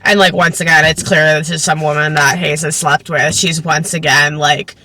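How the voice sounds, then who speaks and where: A young woman in her twenties chats through a book recap for her vlog. Her voice is bright and clear, and she talks in a loose, filler-heavy way, throwing in sarcastic asides as she goes. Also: deep voice, little pitch movement, moderate pace. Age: 20s. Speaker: book vlogger.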